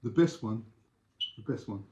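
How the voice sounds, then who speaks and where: An older man casually telling anecdotes as an interview guest, animated and acting out the voices in his stories. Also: lowish voice, moderate pace, slight background noise. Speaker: interview guest, former doorman. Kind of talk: casual storytelling. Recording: echoey room, dull lo-fi sound.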